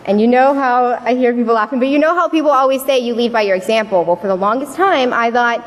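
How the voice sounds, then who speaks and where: A young woman, slightly high-voiced, tells a personal story to a congregation. She acts out the voices of the people she remembers. Her voice carries a long reverb from a large worship hall. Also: quick pace. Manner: storytelling, acting out what people said. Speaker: youth speaker at a church service.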